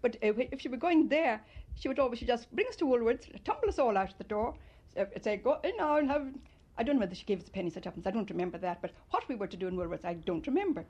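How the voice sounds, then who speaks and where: An older woman from Ireland, fondly recalling her childhood in an interview and telling it in an animated way. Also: on the high side, racing, breathy edge, muffled recording. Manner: fond, animated storytelling with loud mimicry. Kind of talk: reminiscing interview.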